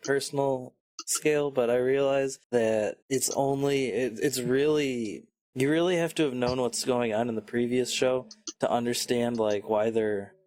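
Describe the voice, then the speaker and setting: Guy on a podcast panel, kinda hesitant, normal pitch, swears casually. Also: darkish tone. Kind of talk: casual chat.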